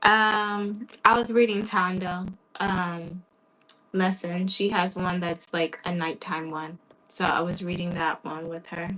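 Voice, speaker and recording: A woman host learning isiZulu on a casual live stream, playful and laughing as she sounds out words haltingly. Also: fairly low pitch, fairly even intonation, sharp tone, poor audio. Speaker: beginner learner and channel host.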